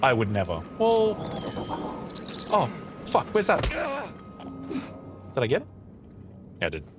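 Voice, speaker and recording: A man's voice: fairly high pitch, huge pitch swings, slow, background noise. A man casually streaming a game, chatting with his viewers and muttering to himself as he plays. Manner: chatty, reads and answers chat messages; playful, mutters to himself while playing. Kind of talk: casual live-stream chat while gaming.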